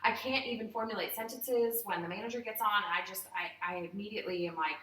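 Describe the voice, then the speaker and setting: A woman's voice: mid-range voice, quick pace, far from the mic. Woman telling a candid, heartfelt story in an echoey room. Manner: candid, heartfelt, animated retelling with acted-out quotes. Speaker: guest telling a personal story. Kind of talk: emotional personal storytelling.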